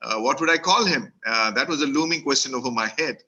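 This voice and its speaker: A man's voice: mid-range voice, fast talker, pushed and bright, dull audio. A middle-aged man from Kerala with an Indian English accent, giving a humorous, self-deprecating storytelling talk full of fillers. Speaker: motivational speaker.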